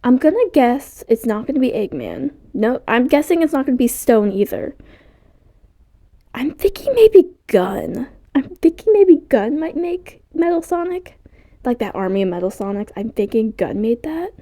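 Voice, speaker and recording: A woman vlogging at home in a rambling, casual way, excitable and easily sidetracked, and she swears casually. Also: high-pitched, moderate pace.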